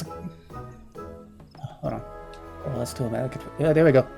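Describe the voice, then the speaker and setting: A gaming streamer breaks off to make casual, swearing, self-mocking comments during a let's-play. The tone is mellow and relaxed. Faint game music plays in the background. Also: medium pitch, unhurried, vocal fry, pauses often. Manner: self-deprecating asides, swearing.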